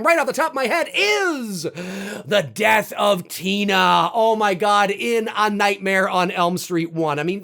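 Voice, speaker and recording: Excitable man with a gravelly, bright voice. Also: high voice. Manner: animated, swears freely, acts out quotes with loud outbursts. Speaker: YouTube host ranking horror kills. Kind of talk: casual excited monologue.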